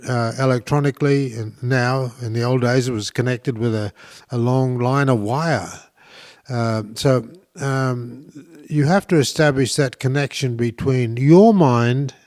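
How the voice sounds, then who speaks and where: A man's voice: medium pitch, darkish tone. A man hosting a talk show, explaining things in an enthusiastic, rambling way with many fillers and restarts. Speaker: podcast host. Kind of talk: casual instructional talk.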